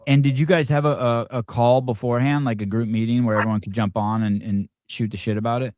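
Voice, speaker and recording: A man hosting a casual live podcast chat, asking relaxed, loose questions. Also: medium pitch, fast talker, background noise. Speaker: podcast host.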